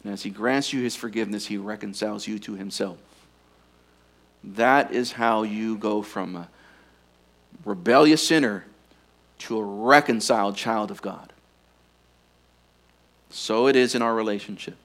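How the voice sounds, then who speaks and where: Male pastor, mid-sermon, earnest and pressing, goes quiet for emphasis. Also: on the low side, a little slow, pauses often. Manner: earnest, urging, drops to quiet intensity on key points.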